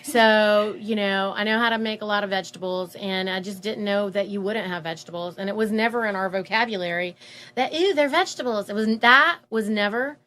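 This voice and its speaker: A woman casually telling a personal story, animated and full of fillers, acting out the voices of people she quotes. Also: mid-range voice, fairly quick. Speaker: guest telling her story.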